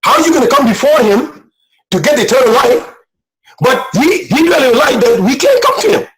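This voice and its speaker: High-voiced impassioned male preacher. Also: very animated, moderate pace, low-quality recording. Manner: impassioned, repetitive, rising to shouts. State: emotional, near tears. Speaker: guest preacher. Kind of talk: sermon.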